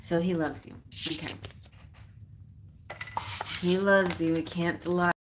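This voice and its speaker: Female tarot reader on a live stream, unhurried and chatty, reads card messages aloud, noisy recording. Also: fairly low pitch, steady tone.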